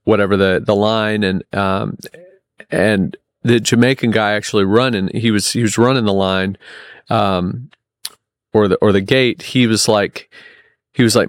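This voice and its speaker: A man telling a long personal story in casual podcast talk, full of restarts and fillers, getting animated when he quotes people. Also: lowish voice, a little slow, no echo, studio quality. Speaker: podcast guest.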